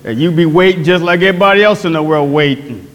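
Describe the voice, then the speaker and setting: A man preaching a sermon to his congregation. He speaks fervently, asks them questions, repeats his words and builds to shouts. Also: on the high side, fast talker, in a large hall, highs cut off. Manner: talks straight to the congregation with questions. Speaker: pastor. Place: church sanctuary.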